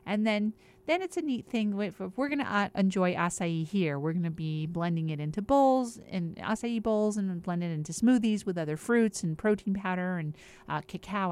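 An upbeat woman with a slightly low voice, explaining things in a relaxed, chatty way. She moves briskly through lists of examples, like a regular guest on a talk show. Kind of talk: casual explanatory health chat.

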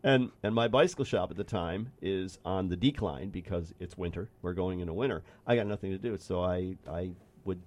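Low-voiced middle-aged man telling stories. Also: a little fast, few pauses. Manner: relaxed, rambling anecdotes with repeated phrases. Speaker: podcast host and former bike racer. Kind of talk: casual conversational storytelling.

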